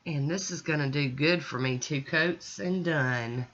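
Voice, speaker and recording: A woman's voice: low voice, a little slow, fairly bright tone, dull audio, slight background noise. A woman hosting her own nail art channel, chatting casually through each step of a painting tutorial in voice-over.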